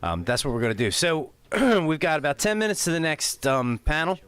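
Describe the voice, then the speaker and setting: A man's voice: fairly high pitch, very animated, fairly quick, a bit bright, smooth, no echo. Man rambling through a casual stream. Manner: rambling, with many fillers and apologies. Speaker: streamer commenting on a live event.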